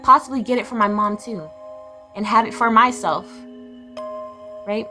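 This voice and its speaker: A woman's voice: fairly high pitch, normal speed. A young woman telling her own painful life story in a raw, blunt, confessional way. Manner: emotional, blunt, swearing, swings between raw and flat. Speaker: vlogger. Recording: music playing behind the voice.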